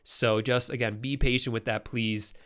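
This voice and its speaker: A man hosting a casual live-stream Q&A, reading out viewer questions and answering them in a loose, chatty way. His voice sounds stuffed up and nasal from a cold, yet it still comes through smooth and resonant at a middle pitch. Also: steady tone, moderate pace, a bit bright.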